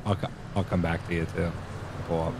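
A man playing in a comic role-play game, dropping wry, deadpan asides. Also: low voice, fairly quick, background noise.

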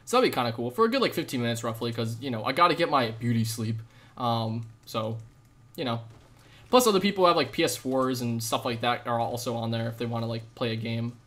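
A young male gaming streamer in a mid-range voice talks quickly over live gameplay while engaging with chat. He's jokey and rambling, breaking into sudden loud outbursts.

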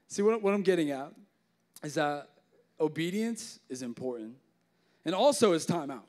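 A man's voice: fairly high pitch, normal speed. A young man preaching a youth sermon, telling jokes and stories with lots of casual fillers. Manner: joking, animated storytelling with many fillers. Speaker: youth pastor.

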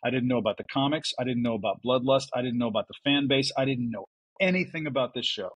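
A man's voice: mid-range voice, fast talker, breathy edge, no room sound, dull audio. A man, a voice actor guest on a podcast, telling casual anecdotes and acting out quotes. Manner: animated, acts out quotes in voices.

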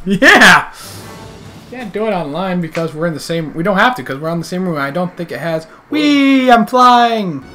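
Brief: male gamer, high and bright, excitable trash-talking commentary. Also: a little fast, faint music behind. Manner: excitable, jokey trash talk. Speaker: video game player. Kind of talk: casual gameplay commentary.

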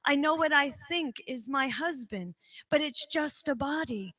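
Woman, high voice, devotional talk, emphatic, animated storyteller. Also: a little slow. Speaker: devotional speaker. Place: devotional center.

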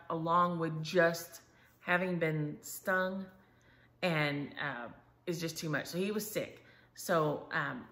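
An older woman telling a story in a bright, clear tone. Her voice sits a little low, and she talks to her viewers in loose, folksy chat, often calling them "y'all.". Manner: chatty storyteller, says "y'all". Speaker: Flosstube host. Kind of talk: casual chat.

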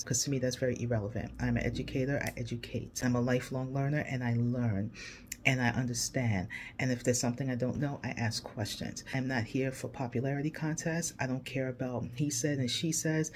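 A man's voice: mid-range voice, background noise. A man from the United States, an English teacher hosting his own channel, delivering an emphatic, heartfelt message straight to his viewers while emotional. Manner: emphatic, earnest, declarative.

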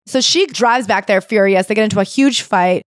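A woman's voice: medium pitch, brisk, no echo. Sarcastic woman podcast co-host. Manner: sarcastic, reads passages aloud dryly. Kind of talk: casual comedic book recap.

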